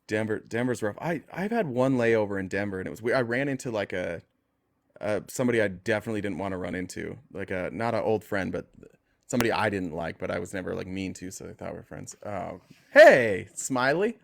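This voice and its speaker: A man's voice: lowish voice, fast, gravelly. A man hosting a call-in talk show, chatting casually with callers, teasing them and laughing often. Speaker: podcast host taking callers. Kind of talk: casual chat.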